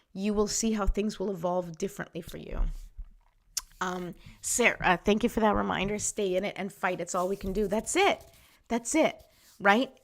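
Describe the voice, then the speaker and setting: A woman host giving a casual motivational talk to viewers, chatty and encouraging, often checking in with "right?", her voice sometimes thinning out. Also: mid-range voice. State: voice sometimes gives out.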